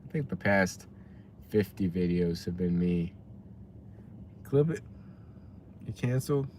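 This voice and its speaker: A young man rambles through a casual live stream in an unhurried, drawn-out way, greeting viewers by name as he reads the chat. A faint hum of background noise sits under his voice. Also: sits low, animated, a little mellow. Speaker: livestreamer reading chat.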